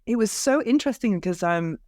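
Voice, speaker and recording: A woman's voice: medium pitch, animated, brisk, darkish tone, no echo. Dry-sounding chatty woman podcast host. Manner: chatty, laughs often, frequent restarts. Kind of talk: casual interview chat.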